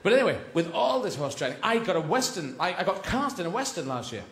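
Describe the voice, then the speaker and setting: A man's voice: high-pitched, big pitch swings, fast talker, a bit bright, slight background noise. Rambling male stand-up comic. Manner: rambling, self-interrupting, switching into voices. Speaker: stand-up comedian. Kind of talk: live stand-up routine. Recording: echoey live venue with audience.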